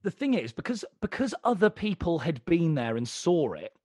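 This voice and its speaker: An animated young man, a comedian guest on a podcast, tells a story with a lively, bouncing delivery and a slightly raised pitch. He swears freely and acts out both sides of the exchange. The sound is dry and close to the mic. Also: normal speed, dry recording. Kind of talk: casual storytelling chat.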